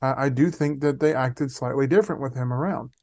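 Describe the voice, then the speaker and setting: A man who is a pastor, chatting casually on a podcast and telling stories with lively acted-out voices. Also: medium pitch, brisk, no echo, studio quality. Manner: animated storyteller, acts out voices. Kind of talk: casual chat.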